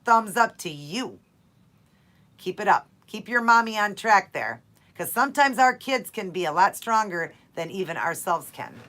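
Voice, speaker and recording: Talking straight to her viewers, a woman in her forties runs a live keto question-and-answer stream, heartfelt and prone to repeating herself. Her mid-range voice is animated, pushed, and bright, delivered at a measured pace.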